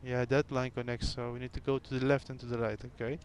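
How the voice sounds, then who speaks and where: A man's voice: mid-range voice, level tone, fast talker, a little hiss or hum. A man whose first language is Dutch, chatting casually and thinking aloud as he runs cockpit checks while streaming a flight simulator. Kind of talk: casual gameplay commentary.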